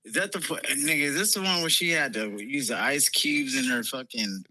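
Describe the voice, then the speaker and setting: A man's voice: medium pitch, a little fast, bright, forceful tone. A man on a phone call with friends, laughing and bantering. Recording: faint phone speaker from far off.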